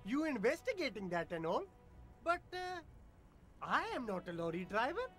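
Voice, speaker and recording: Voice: medium pitch, big pitch swings, moderate pace, fairly bright tone, faint music behind. A voice actor playing a defensive, boastful street vendor in a video game who keeps dodging questions with rambling denials. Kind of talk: game voice acting.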